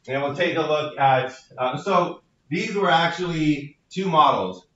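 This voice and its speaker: A man's voice: mid-range voice, bright, forceful tone. A man giving a university lecture in a playful, explanatory manner, using casual everyday comparisons. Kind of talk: classroom lecture. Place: lecture classroom. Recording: echoey lecture hall, distant dull mic.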